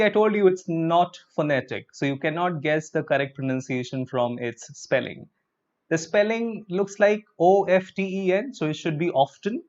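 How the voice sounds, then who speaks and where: A man with an Indian English accent teaching a live English pronunciation lesson. He breaks words into syllables, has the class repeat each word with him, and slips in Hindi words like "chalo.". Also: on the high side. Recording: dull lo-fi sound.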